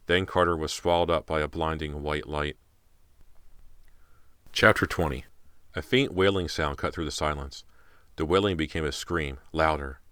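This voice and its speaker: A man's voice: rumbling low, sharp tone, clean tone, no room sound, studio quality. A man narrating an audiobook in a tense, dramatic way. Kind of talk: scripted narration.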